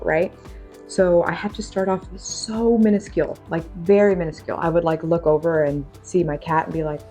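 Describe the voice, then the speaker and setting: A woman's voice: on the low side, a little fast, darkish tone, soft background music. A young woman vlogging to camera, telling her story in a candid, chatty, self-deprecating way and laughing often.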